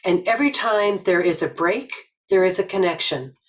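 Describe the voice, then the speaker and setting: An older woman from Nova Scotia giving a reflective webinar talk, telling stories slowly and earnestly with many pauses. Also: on the low side, low-quality recording. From Nova Scotia, Canada. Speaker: webinar presenter.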